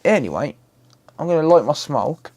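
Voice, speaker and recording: A man's voice: a little high, very animated, normal speed, a little mellow, a little hiss or hum. Chatty British man hosting a live stream. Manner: chatty, reads out and answers viewer comments, swears casually. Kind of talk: casual live-stream chat.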